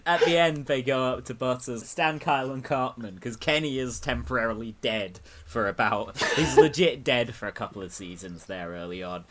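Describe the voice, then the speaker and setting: A man's voice: medium pitch, moderate pace, hardly any pauses. A man in a casual podcast chat, retelling a cartoon episode and laughing often. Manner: animated storyteller, laughs a lot. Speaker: podcast host.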